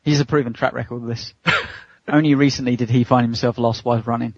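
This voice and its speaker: A man's voice: mid-range voice, steady tone, fast, dry recording, dull audio. A man in his thirties, chatty and laughing often as he tells a personal story in an interview, acting out the voices of the people in it. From United Kingdom. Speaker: co-host answering interview questions.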